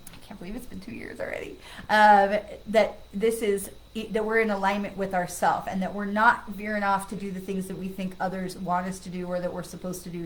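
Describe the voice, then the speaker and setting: A woman with a mid-range voice does a live-stream card reading as a psychic medium, and the recording is rough with slight background noise. Her casual talk is reassuring, she keeps checking in with "okay?" and "right?", and greeting friends brings out loud, excited laughter.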